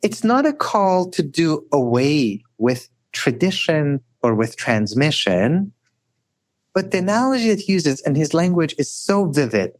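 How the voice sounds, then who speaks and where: Animated guy telling stories on a podcast, voice swoops up and down, keeps saying right?. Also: unhurried, no room sound. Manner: animated storyteller, rising high for emphasis; frequent "right?" tags. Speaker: guest scholar. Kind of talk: storytelling in a podcast interview.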